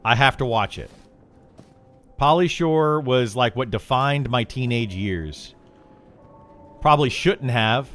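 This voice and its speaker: A man's voice: medium pitch, expressive, slow pace, long pauses, a bit bright, faint music behind. A middle-aged man chatting casually while streaming a game, rambling with lots of fillers and restarts.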